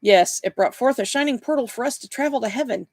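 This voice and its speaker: A man putting on a cheerful young suspect with a raised, gravelly voice, drawling in loose street grammar and grinning through every answer. He sounds simple-minded and easygoing in this storybook reading, recorded close and dry. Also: very high voice, fast, darkish tone, dry recording, voice pushed up.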